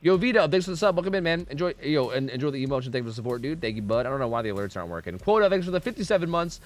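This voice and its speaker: A man's voice: mid-range voice, big pitch swings, racing. A man streaming a game live, giving casual commentary, swearing often and chatting with his viewers. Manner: laid-back, swears often, chats with viewers.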